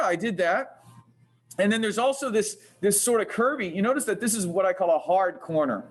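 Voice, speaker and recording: A man with a somewhat high voice gives a screen-recorded tutorial in a classroom. He thinks aloud, hesitates often and corrects himself mid-sentence. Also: lively intonation, moderate pace. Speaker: engineering teacher. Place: classroom with projector. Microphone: computer mic while demonstrating.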